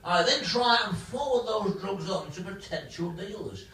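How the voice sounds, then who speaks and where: Man doing a gruff hard man, barking, raised pitch, distant, echoey hall. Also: lively intonation, normal speed, pushed and bright. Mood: documentary menace. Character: gruff tough-talking British TV hard man. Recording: echoey hall from far off, faint noise.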